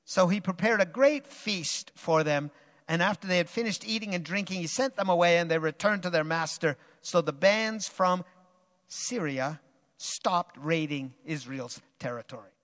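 Bright-voiced preacher man in a reverberant hall. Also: high voice, normal speed. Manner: dramatic, varies loudness and pace freely. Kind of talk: sermon with dramatic Bible reading.

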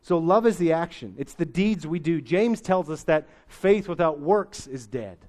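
Middle-aged man, pastor; sermon delivered chatty and folksy, voice sits a bit high. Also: expressive, normal speed, darkish tone. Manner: conversational, folksy preaching with idioms.

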